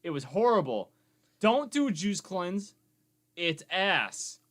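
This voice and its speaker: A young man co-hosting a casual nerd chat podcast, excitable, cursing and jumping in loudly. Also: high-pitched, takes it slowly. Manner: excitable, swears, jumps in loudly. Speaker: podcast co-host.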